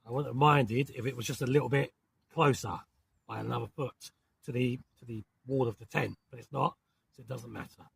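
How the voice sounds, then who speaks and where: Holed up in a small, hot tent in the woods, a southern English camping vlogger talks casually to camera with a southern English accent. His voice is gravelly and medium-pitched, his tone steady, and his chatty, rambling delivery includes mild swearing with quick apologies. Faint, soft outdoor ambience and slight background noise come through.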